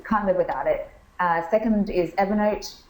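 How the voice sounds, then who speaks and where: A woman's voice: mid-range voice, normal speed, a little mellow, roomy sound, rough recording. A woman founder answering interview questions in a friendly, explanatory way, with frequent ums and restarts. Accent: has an accent she remarks on. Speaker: startup founder, interview guest. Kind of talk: conference interview, casual business talk. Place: conference venue.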